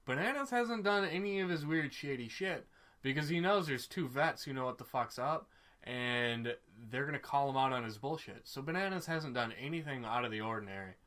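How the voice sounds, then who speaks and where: Bright-voiced excitable male podcaster. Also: mid-range voice, a little fast. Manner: excitable, profane, gossipy. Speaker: podcast co-host. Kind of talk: casual reality-TV recap chat.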